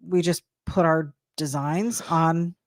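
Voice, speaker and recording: A woman's voice: deep voice, fairly even intonation, slow, no echo, studio quality. A woman co-hosting a casual chat, upbeat and encouraging. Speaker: co-host.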